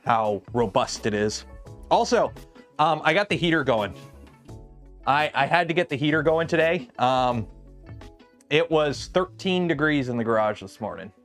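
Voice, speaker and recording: A man hosting a casual livestream from his garage workshop, chatting loosely with lots of ums and restarts as he builds. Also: medium pitch. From lives south of Detroit. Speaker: livestream host building a 3D printer.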